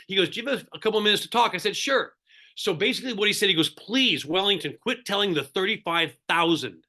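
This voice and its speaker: A man's voice: high voice, pushed and bright. A middle-aged man teaching real estate agents in a seminar-style lecture, speaking in short, emphatic phrases and repeating his key points.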